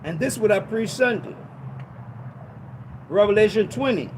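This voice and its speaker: A man preaching a sermon, exhorting listeners and reading scripture slowly, repeating lines for emphasis. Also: high-pitched, lively intonation, a little hiss or hum, poor audio. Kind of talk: sermon teaching.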